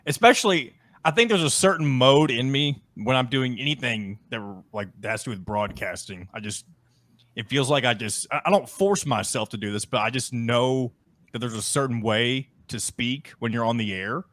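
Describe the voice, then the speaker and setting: A young man co-hosting a podcast, reacting in a relaxed, agreeable way. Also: medium pitch, moderate pace, dry recording. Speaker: podcast co-host. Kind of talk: casual chat.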